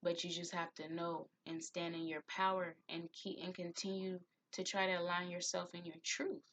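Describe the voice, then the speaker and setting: A woman's voice: fairly low pitch, flat delivery, moderate pace, a bit bright. A woman giving a spiritual tarot reading, heartfelt and encouraging, who admits to getting emotional. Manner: gets emotional. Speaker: tarot reader.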